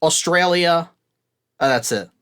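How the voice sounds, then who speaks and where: A man's voice: fairly high pitch, a little slow, a bit bright, smooth. Rambling young man, casual podcast chat. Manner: rambling, reads out a long list while looking things up. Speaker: podcast co-host.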